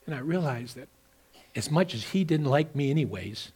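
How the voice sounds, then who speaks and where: A man preaching a sermon as a pastor, moving between loud, emphatic exhortation and quieter personal storytelling with repeated words. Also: mid-range voice, animated, normal speed, slightly rough. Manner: repeats and restarts words when telling a story.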